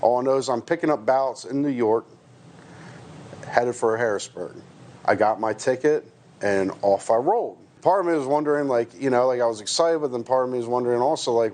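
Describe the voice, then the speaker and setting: A man from the United States, a truck driver, recounts a personal story in a hesitant way. He keeps stopping to restart his sentences and fills the gaps with fillers, at a mid-range pitch. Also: a little fast, darkish tone. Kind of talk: personal account to camera.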